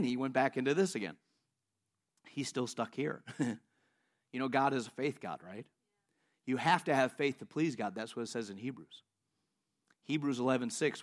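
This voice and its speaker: A man pastor preaching a sermon, telling stories in an animated way and laughing often. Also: mid-range voice, moderate pace, pauses often.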